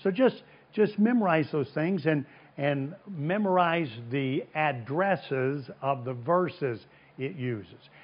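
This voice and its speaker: A man preaches to a congregation with an emphatic, questioning delivery, his voice sitting a little high for a man. The recording has a dull, lo-fi quality. He presses each point and answers his own questions. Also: slow. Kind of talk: sermon. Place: church service before a congregation. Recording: dull lo-fi sound.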